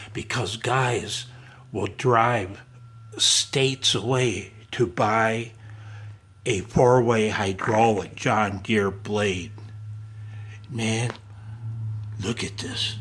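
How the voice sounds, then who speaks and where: A man with a deep voice vlogging casually at home and in his garage, laid-back and quick to laugh, saying "man" a lot. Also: a bit bright, a little hiss or hum. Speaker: ham radio vlogger. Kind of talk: casual vlog chat.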